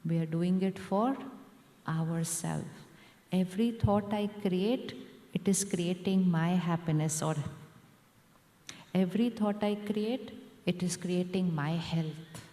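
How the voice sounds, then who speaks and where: A woman with an Indian English accent giving a calm, repetitive meditation talk as a spiritual teacher, often asking the audience questions. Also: on the low side, takes it slowly. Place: large hall at a live event. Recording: echoey hall with long reverb.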